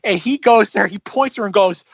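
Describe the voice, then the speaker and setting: Man, podcast co-host, high lively voice, incredulous questions, dry slightly dull audio. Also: quick pace, creaky, slightly rough, dry recording. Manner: animated, incredulous rhetorical questions. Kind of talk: casual podcast chat.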